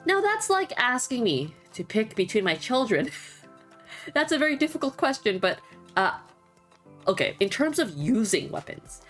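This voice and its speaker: Woman rambling thru fan q&a, laughs a lot, mid pitch, faint music behind. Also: fairly bright tone. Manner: chatty, rambling, quick to laugh. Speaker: VTuber and artist answering viewer questions. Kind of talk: casual Q&A chat. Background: faint background music.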